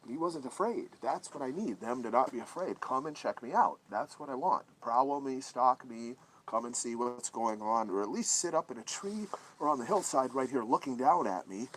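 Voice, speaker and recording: Hushed, profane man. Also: medium pitch, expressive, normal speed, slight background noise. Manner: profane, often hushed and whispering. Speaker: livestream host. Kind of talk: casual livestream commentary. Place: outdoors at night in brush by a creek.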